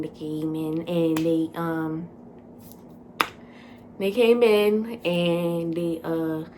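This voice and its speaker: Animated young woman telling a story. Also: on the low side, slight background noise. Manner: animated, dramatic retelling with many fillers. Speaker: vlogger. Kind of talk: casual storytime.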